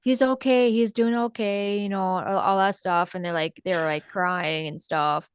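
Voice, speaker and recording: A woman's voice: mid-range voice, steady tone, unhurried, a little hiss or hum. A young woman co-hosting a podcast, chatting casually about a horror movie with plenty of filler words. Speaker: podcast co-host.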